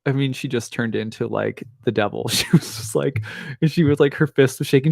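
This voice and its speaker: Gravelly-voiced man musing aloud. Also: medium pitch, a little fast, a little mellow, dry recording, studio quality. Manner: thoughtful, with frequent restarts and small laughs. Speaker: astrologer. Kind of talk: reflective personal monologue.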